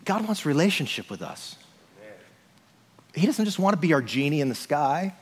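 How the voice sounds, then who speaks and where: A man's voice: fairly high pitch, big pitch swings, normal speed, breathy edge, big-room sound. A male pastor giving a conversational sermon, often asking "right?" and saying "like".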